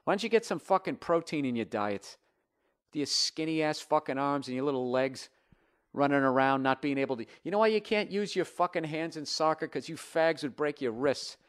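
A man's voice: a little high, animated, normal speed. Profane man ranting on a podcast. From United States. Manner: profane, swings between loud outbursts and mumbled asides. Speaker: comedian podcast host. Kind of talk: ranting comedy podcast, reading listener emails.

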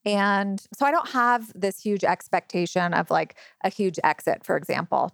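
A woman's voice: fairly low pitch, vocal fry, dry recording, clean studio sound. A middle-aged woman who founded a company, telling her story in an interview in a chatty way, with many fillers and acted-out quotes. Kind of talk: interview conversation.

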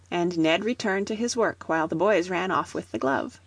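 A woman reading a children's storybook aloud in a gentle, even storytelling manner. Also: on the low side, normal speed, slightly rough, no room sound. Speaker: audiobook reader.

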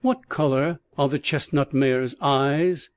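A man voicing a friendly, brisk country-house host. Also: mid-range voice, dry recording, lightly acted. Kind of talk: audiobook character voice.

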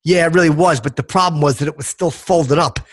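A man's voice: a little high, a little fast, close to an everyday voice. A man voicing a crude, boastful tough guy in a comedy podcast, cocky and swearing as he talks up his own ideas. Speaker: podcast co-host. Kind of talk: comedic character improv.

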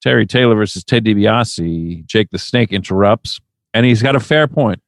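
Male podcast host, mid-pitched, swears freely while telling the story, dry close sound. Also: moderate pace, no room sound. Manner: animated, profane storytelling. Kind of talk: casual chat, recapping.

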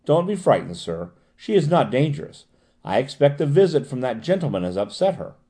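A man's voice: mid-range voice, big pitch swings, a little fast, warm tone, close to an everyday voice. A man reading the part of a reassuring female asylum attendant in an audiobook.

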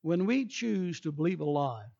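A man's voice: on the high side, very animated, normal speed, gravelly, dark tone, highs cut off. A male pastor preaching a sermon emphatically, acting out people's excuses in quoted voices.

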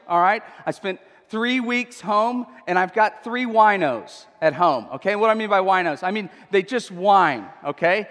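A pastor delivers a sermon in a church, his high, bright voice emphatic yet conversational. He keeps checking in with the crowd through frequent tag questions, and his words fade into a long hall reverb.

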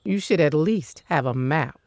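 A woman's voice: low-pitched, lively intonation, measured pace, darkish tone, no room sound. An actress playing a suspicious, reclusive woman who gives blunt orders, in an audio drama. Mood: curt. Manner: curt, commanding, dry put-downs.

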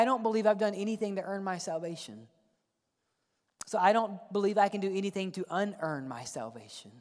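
A male pastor preaching a sermon, swinging from loud emphatic calls to hushed whispers and often repeating words as he presses a point. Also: high voice. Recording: long church-hall reverb.

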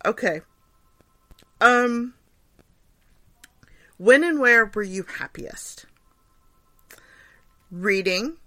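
A woman in her forties hosts a casual solo podcast from a home recording setup, chatty and self-deprecating and laughing often as she answers questions. Her high-leaning, slightly bright voice has lively intonation, though she speaks extremely slowly with frequent pauses, and there's no room sound.

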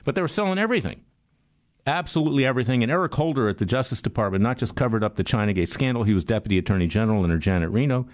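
A man's voice: mid-range voice, rapid-fire. An older man delivering a sarcastic political commentary monologue, telling stories and jokes. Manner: sarcastic, storytelling, animated.

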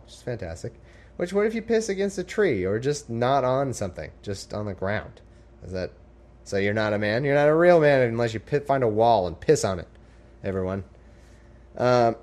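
A man's voice: mid-range voice, expressive, normal speed, a little mellow. Wry man reading scripture with sarcastic asides. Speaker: podcast host reading scripture. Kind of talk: comedic Bible reading with commentary.

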